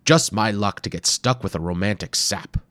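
A man's voice: lowish voice, moderate pace, a bit bright, dry recording, voice pushed up, lightly acted. A man voicing a grumbling, overweight middle-aged male archaeologist who complains dryly and reluctantly, in a storybook reading.

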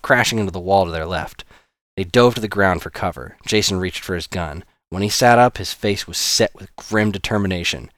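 A man narrating an audiobook chapter in a steady storytelling manner. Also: low voice, moderate pace, no room sound, clean studio sound. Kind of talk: scripted narration.

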